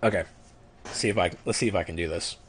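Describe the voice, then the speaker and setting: A man's voice: low-pitched, fast talker, breathy edge. A man hosting a podcast in casual chat, playful and laughing often. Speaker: podcast host.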